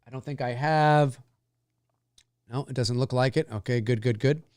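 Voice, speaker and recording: A man's voice: mid-range voice, normal speed, darkish tone, no echo, clean studio sound. A man hosting a casual livestream, chatting in a meandering way and thinking aloud as he answers viewers. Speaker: livestream host answering chat.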